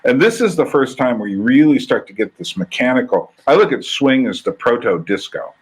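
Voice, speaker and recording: A man's voice: medium pitch, expressive, fairly quick, husky, low-quality recording. A man hosting a casual conversation, talking in a rambling, thoughtful way and often restarting his sentences. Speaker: podcast host. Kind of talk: casual conversation reacting to a video.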